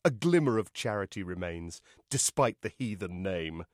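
A man's voice: deep voice, lively intonation, normal speed, no room sound, clean studio sound. A man doing a pompous old vicar. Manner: sermonizing, self-satisfied. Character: fussy elderly male vicar, pompous and jovial.

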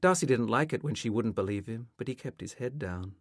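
A male author reads aloud from his literary novel, measured and expressive, sitting close to the mic. His pitch is medium, and there's no echo.

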